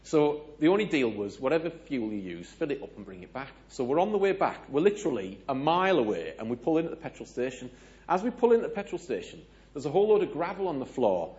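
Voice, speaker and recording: A British man speaking to a gathered audience, telling a lively personal story, asking the audience questions and acting out the dialogue. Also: fairly high pitch, fast, dull audio. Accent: British English. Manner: animated, asks audience questions, acts out dialogue. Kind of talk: storytelling sermon.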